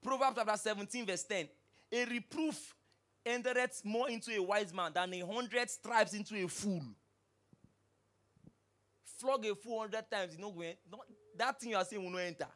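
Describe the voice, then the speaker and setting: A man with a Nigerian accent, a pastor preaching a sermon, lively and humorous, asking the congregation question after question. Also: high voice, normal speed. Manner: animated preaching with humor and repeated rhetorical questions.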